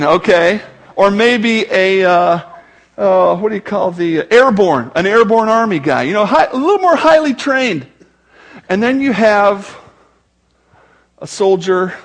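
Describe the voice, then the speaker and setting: Pastor, male, high and husky; conversational sermon delivery with joking asides.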